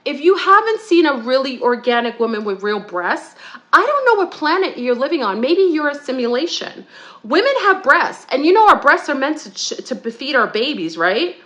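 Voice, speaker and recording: A woman hosting a talk show, ranting heatedly and rambling, with restarts and high-pitched outbursts. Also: very animated, normal speed, fairly bright tone. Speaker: podcast co-host. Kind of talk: ranting monologue.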